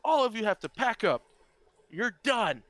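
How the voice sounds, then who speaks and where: Brief: male game master voicing a shrill, bossy middle-aged woman, high falsetto, officious. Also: big pitch swings, a little slow, a bit bright, no room sound, full character voice.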